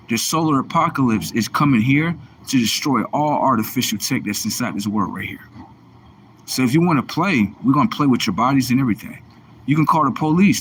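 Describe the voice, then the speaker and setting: A man's voice: medium pitch, fairly bright tone, slight background noise. A man hosting a livestream, delivering a profane, mocking religious rant in a confrontational, preachy manner. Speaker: livestream host.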